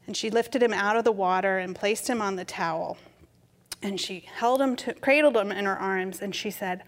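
A middle-aged woman preacher telling a story in a gentle, conversational sermon. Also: medium pitch, moderate pace. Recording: reverberant hall.

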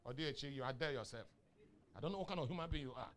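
A Nigerian man preaching a sermon, asking the congregation questions and rising into shouts on key lines. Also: medium pitch, lively intonation, racing. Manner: asks the crowd questions and waits for answers. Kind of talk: sermon with call and response.

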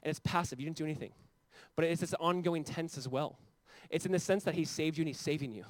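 A male pastor preaches in a rapid, conversational way, with a fairly high voice that climbs and grows loud when he stresses a point. The sound is close and dry, with little room echo. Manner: conversational preaching, rising to fervent emphasis. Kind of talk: sermon.

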